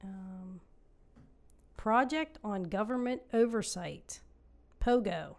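A woman's voice: medium pitch, slow, gravelly. A woman co-hosting a casual political podcast, often restarting her sentences and reading aloud from a report. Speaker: podcast co-host.

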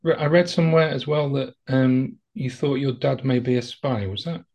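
A man's voice: mid-range voice, fairly even intonation, moderate pace, darkish tone, muffled recording, a little hiss or hum. A man hosting a podcast, asking curious, well-prepared questions of his guest. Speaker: podcast host. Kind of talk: interviewing.

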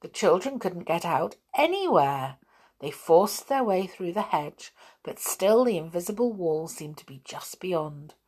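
A woman reading a children's story aloud in a gentle, expressive way. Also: on the low side, measured pace, husky. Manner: gentle, expressive, with soft laughs.

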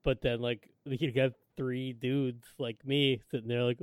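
A man's voice: mid-range voice, little pitch movement, unhurried, clean tone, no room sound. Male co-host, loose, laughing chat about an episode, dry close sound. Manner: laughs often, loose with fillers. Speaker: podcast co-host. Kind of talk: casual chat recapping a TV episode.

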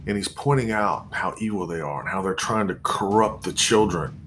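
Man, 40s, deep voice, reflective personal monologue with pauses, faint music behind. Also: fairly bright tone. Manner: measured, reflective, with pauses and restarts. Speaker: storyteller.

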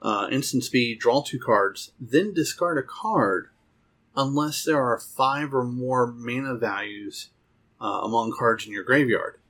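A man with a husky, slightly breathy voice and a middle pitch, chatting on a podcast. He rambles along casually, stopping for fillers and restarting his sentences. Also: unhurried, fairly bright tone. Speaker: podcast co-host. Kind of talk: casual chat about card games.

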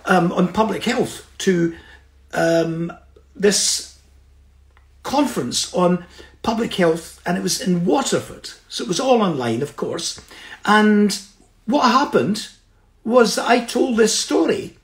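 A middle-aged man with a high voice tells a personal story in an earnest, reflective manner. He checks in with his listeners now and then. The recording has a roomy echo around him. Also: animated, takes it slowly. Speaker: speaker.

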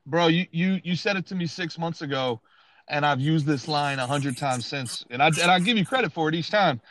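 A man's voice: fairly high pitch, fairly quick, no echo, low-quality recording. A man from Brooklyn with a New York accent, a comedian hosting a casual podcast chat, emphatic and full of "bro" and "dude". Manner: animated, emphatic, swears, says bro and dude a lot. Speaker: comedian host.

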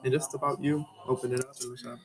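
A man's voice: mid-range voice, level tone, quick pace. A man co-hosting a podcast at a coffee shop, asking questions in a laid-back way. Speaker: podcast co-host. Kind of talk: podcast chat. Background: café crowd.

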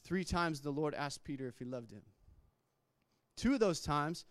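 Smooth-voiced male preacher, slightly high. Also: lively intonation, moderate pace, no echo. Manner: conversational preaching with repeated words and acted quotes. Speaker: pastor. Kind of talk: sermon.

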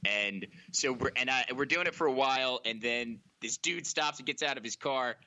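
A young man telling a funny story on a podcast, acting out the quoted lines with loud, animated voices. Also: mid-range voice, normal speed. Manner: animated, acts out quotes loudly. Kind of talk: comedic storytelling.

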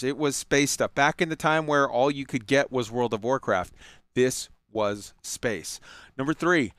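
A man's voice: medium pitch, fairly bright tone, clean tone, no room sound. A man talking casually and enthusiastically about an old game, rambling with fillers, restarts and swearing. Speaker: gaming commentator. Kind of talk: casual chat.

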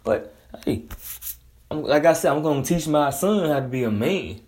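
A man's voice: a little high, expressive, brisk, a little mellow. A man delivering a blunt, profane, heated casual monologue as a commentator.

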